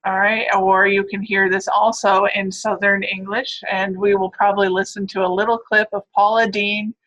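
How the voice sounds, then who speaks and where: Bright-voiced woman lecturing on phonetics. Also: mid-range voice, flat delivery, moderate pace, low-quality recording. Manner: explanatory, with frequent "right?" and "all right". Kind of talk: recorded classroom lecture.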